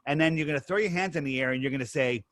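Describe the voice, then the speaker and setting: A man's voice: on the high side, fairly bright tone, no echo. A middle-aged man from the United States, a podcast guest telling his story in a casual, emphatic way. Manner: emphatic, storytelling, quick bursts. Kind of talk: casual interview talk.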